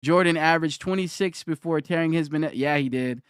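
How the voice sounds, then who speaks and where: Young guy arguing with his chat live, a bit high, crisp and dry, keeps repeating himself. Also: fairly quick, dry recording. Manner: argumentative, repeats himself, reads chat aloud. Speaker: live streamer answering chat. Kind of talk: casual live-stream chat.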